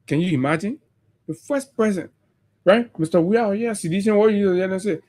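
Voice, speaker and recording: A man's voice: sits high, moderate pace, a little mellow. A man with a Liberian English accent, hosting a radio talk show and delivering impassioned political commentary full of mockery and rhetorical questions.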